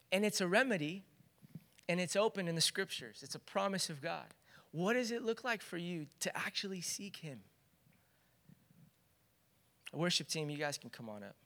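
A man's voice: sits high, sharp tone. A man preaching a sermon as pastor, earnest and building into fervent exhortation.

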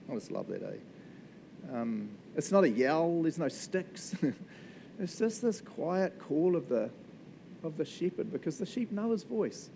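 A man gives a casual Bible talk, his voice mellow and warm. He keeps a relaxed, conversational rhythm, often tagging lines with a questioning "right?". A faint rumble hums beneath the recording. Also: creaky, rough recording. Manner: chatty and relaxed, frequent "right?" and laughs. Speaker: pastor.

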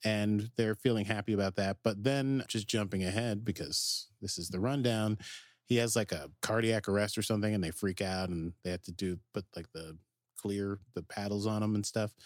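A man's voice: lowish voice, no echo, studio quality. A man co-hosting a podcast, casually recapping an episode in a rambling way, full of fillers and acted-out quotes. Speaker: podcast co-host.

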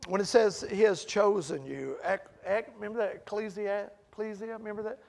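A man preaching a sermon in a conversational way, asking the congregation questions and building to loud, emphatic peaks. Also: high-pitched, fairly even intonation, a little fast, gravelly.

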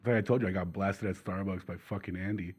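A young man co-hosting a casual podcast, laid-back and cursing, often trailing off into quiet asides. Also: deep voice, fairly even intonation, quick pace, slightly rough. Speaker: podcast co-host. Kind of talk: casual chat.

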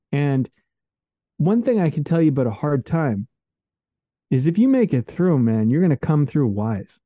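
Very dark-voiced man in casual chat. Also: a little high, sing-song, a little slow, long pauses, no echo. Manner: rambling and earnest, heavy use of "like" and "man". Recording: dull lo-fi dry recording.

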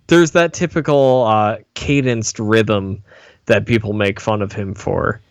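A man's voice: mid-range voice, dry recording. A man co-hosting a podcast, chatting casually and with enthusiasm about a TV episode. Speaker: podcast co-host. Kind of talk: casual chat.

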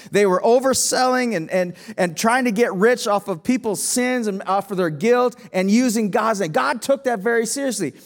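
A man preaching a sermon as pastor, emphatic, asking rhetorical questions and often restarting his phrases. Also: high voice.

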